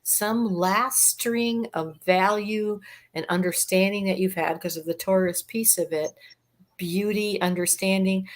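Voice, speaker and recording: A woman's voice: mid-range voice, steady tone, measured pace. A woman in a casual chat, explaining astrology in a flowing, reflective way. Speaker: astrologer guest.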